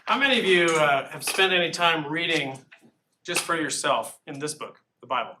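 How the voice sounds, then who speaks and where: A man's voice: on the high side, animated, moderate pace. A man giving a live philosophy lecture to students, joking and asking the audience questions. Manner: jokey, engaging, asks the audience questions. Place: lecture room. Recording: distant mic with faint noise.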